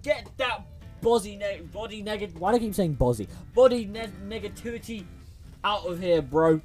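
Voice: mid-range voice, lively intonation, normal speed, darkish tone, faint music behind. A streamer chatting casually over a story game, reading the characters' lines aloud in playful voices and swearing in slangy asides. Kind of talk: casual gaming livestream commentary.

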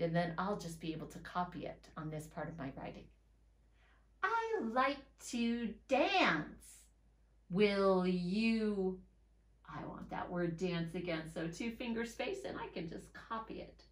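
A woman's voice: lowish voice, animated, a little fast, hardly any pauses, reverberant. A woman teacher giving a reading and writing lesson to young children, sounding out letters and words one at a time.

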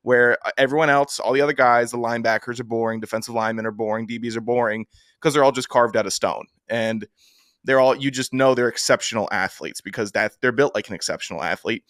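A man co-hosting a football podcast in a casual chat, teasing his co-host and acting out coaches' shouts. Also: mid-range voice, fast talker, dry recording, clean studio sound.

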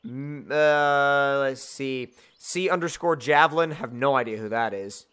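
A man's voice: mid-range voice, unhurried, fairly bright tone, smooth. A young man hosting a casual gaming video, teasing his friend and laughing while they play together. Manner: teasing, exasperated, laughs a lot. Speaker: gaming channel host. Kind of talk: casual gameplay chat.

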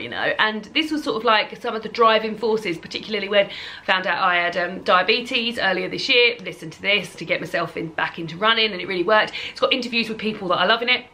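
A woman's voice: medium pitch, sharp tone. A young woman giving a casual, rambling tour of her bookshelf, with lots of ums and restarts. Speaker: book vlogger. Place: home, at a bookshelf.

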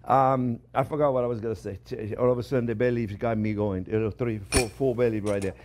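A man hosting a cooking demonstration, chatty and excitable, with many fillers and repeated exclamations. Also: medium pitch, fast talker, slight background noise. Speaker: chef hosting a cooking show.

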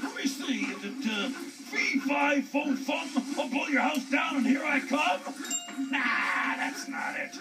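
Goofy forgetful wolf, squeaky high voice, slow and bouncy, puppet show, distant mic with music. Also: male voice, very animated, heavily acted. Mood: gleeful. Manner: cackling, drawn-out, showy. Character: goofy forgetful male Big Bad Wolf. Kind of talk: children's puppet show acting.

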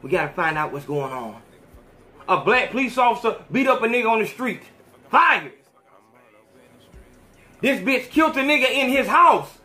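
A man's voice: very high-pitched, big pitch swings, normal speed, long pauses, bright, forceful tone. A man hosting a podcast, giving heated, profane commentary in a preachy, fiery manner. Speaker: podcast host.

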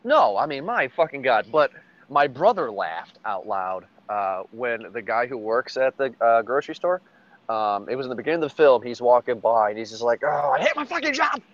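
A man hosting a casual podcast chat, talking excitedly, swearing freely and laughing often. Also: mid-range voice, moderate pace, highs cut off. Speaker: podcast host.

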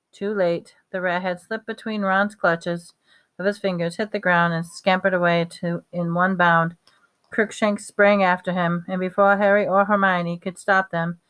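A woman reading a novel aloud at a steady pace, with small slips and restarts. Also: on the low side, smooth. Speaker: reader.

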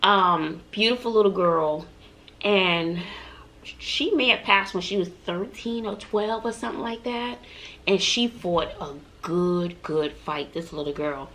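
A middle-aged vlogger from Texas speaks with a fairly bright voice on the low side, at a measured pace. She tells personal stories in a chatty, heartfelt and motivational way, earnest and emotional, speaking directly to her viewers.

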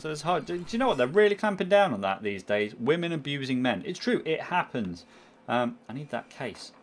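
A man hosting a let's play, rambling and chatty as he thinks aloud. His pitch moves a lot, over a light hiss of background noise. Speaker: gaming channel host.

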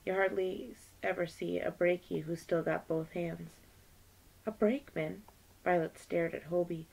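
Gravelly low-voiced woman reading aloud. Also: fairly even intonation, unhurried, a little mellow, low-quality recording. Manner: plain classroom read-aloud, lightly voicing characters. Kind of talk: read-aloud of a novel.

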